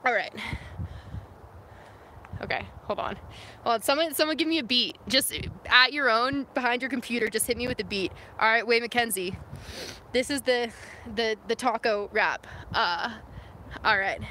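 Young woman from sf, bright fairly high voice, chatty live stream out in the wild, faint noise behind. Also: normal speed, pauses often. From San Francisco. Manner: chatty, laughs often, reads viewer comments aloud. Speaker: vlogger reading live chat. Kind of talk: casual live-stream chat. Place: outdoors in the wilderness. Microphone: phone camera.

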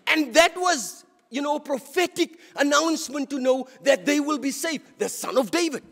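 A South African man preaches a sermon in a church, his voice pitched unusually high for a man. He talks with fervour, trips over words and repeats them before pushing on. His voice rings out with a long reverb through the church. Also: expressive, normal speed, creaky, fairly bright tone. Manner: impassioned, with frequent stumbles and repeated words. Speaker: deacon preaching.

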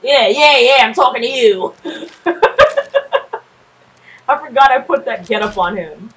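Lively, chatty woman gaming streamer. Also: a little high, brisk, rough recording. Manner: chatty, swears a lot, laughs often, talks to game characters; nervous and jumpy in scary moments. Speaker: gameplay streamer. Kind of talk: casual gameplay commentary. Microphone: desk microphone.

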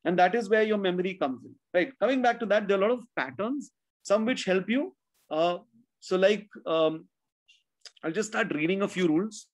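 A man's voice: sits high, lively intonation, moderate pace. A man teaching a spelling class over a video call, explaining rules step by step, correcting students and mixing in Hindi. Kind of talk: online class lesson.

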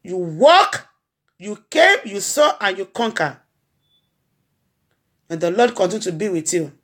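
A woman with a Nigerian accent speaks a memorial tribute while grieving. Her voice sits at an ordinary pitch for a woman. She repeats lines in an earnest, preacher-like rhythm. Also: sing-song, unhurried, a bit bright, slightly rough. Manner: earnest, repetitive, preacher-like cadence. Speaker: blogger addressing her followers.

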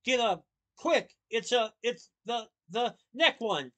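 A man's voice: extremely high pitch, animated, slow, bright, forceful tone, voice pushed up, exaggerated voice. A man voicing a nervous, panicky priest who stammers in fright. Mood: frantic. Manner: frantic, stammering.

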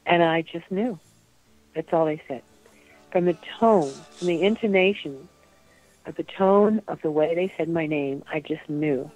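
A woman recalling personal memories in a soft, halting way, with many pauses, as an interview guest. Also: low voice, faint music behind, low-quality recording. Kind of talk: emotional personal recollection.

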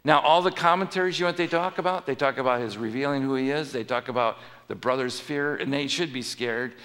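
A man's voice: mid-range voice, brisk, a bit bright. A male pastor delivering a conversational sermon in a church, telling the story and asking his listeners questions. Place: church sanctuary. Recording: long hall reverb.

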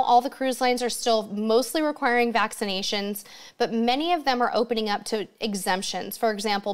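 A woman's voice: a little high, clear, resonant tone. A woman hosting a casual live-stream Q&A from home, reading out viewer comments and answering them with chatty enthusiasm. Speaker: livestream host answering viewer questions.

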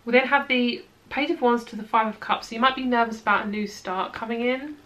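A young woman talks through a tarot spread for her viewers in a loose, chatty way. Her voice sits a little higher than most women's, and she reassures her audience while filling pauses with "like" and "um.". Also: steady tone, a bit bright. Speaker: tarot reader. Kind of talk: casual tarot reading vlog.

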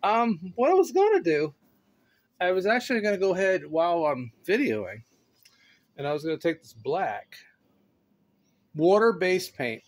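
A goofy man rambles through a casual home vlog into a phone on a stand. His voice swings up and down in a lively, sing-song way, and he laughs often. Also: sits high, normal speed, long pauses. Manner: rambling, chatty. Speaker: vlogger.

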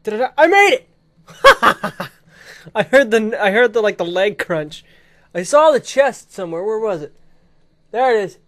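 A man's voice: sits high, a little slow, pauses often. Giggly young man shrieking through gameplay. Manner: giggly, excitable, bursts into shrieks and laughter. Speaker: gaming video creator. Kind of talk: excited let's-play commentary.

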